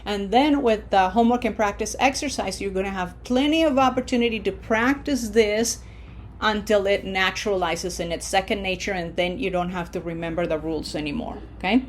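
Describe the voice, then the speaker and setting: A woman teaching a Spanish pronunciation lesson, explaining patiently, checking in with "okay?" and modeling words slowly. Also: medium pitch, slight background noise. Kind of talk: classroom lesson.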